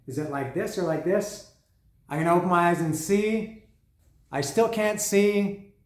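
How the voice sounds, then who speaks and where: Man, somewhat high voice, excitable, rambling, swears, echoey room. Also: a little slow. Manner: rambling, excitable, swears freely, many restarts. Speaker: vinyl record vlogger. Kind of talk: casual unboxing vlog. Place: lives in Mexico.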